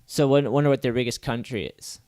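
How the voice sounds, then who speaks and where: A man's voice: mid-range voice, brisk, darkish tone. A man from the United States hosting a podcast, chatting casually. He rambles loosely and swears, filling his talk with "like" and "you know". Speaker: podcast host. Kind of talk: casual chat.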